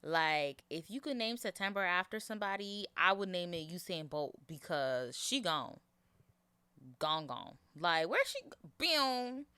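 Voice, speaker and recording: A woman's voice: fairly low pitch, animated, measured pace, sharp tone, clean tone, no room sound. Tired, chatty young woman podcaster. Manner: chatty, rambling, laughs often. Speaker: podcast host. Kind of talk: casual solo podcast chat. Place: in bed at home. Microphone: handheld mic held close to mouth.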